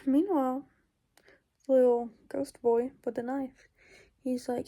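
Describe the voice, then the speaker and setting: A woman's voice: high voice, level tone, takes it slowly, pauses often, dark tone. A woman recounting a dream in casual, rambling storytelling, full of fillers and sometimes dropping into whispers. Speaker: YouTuber.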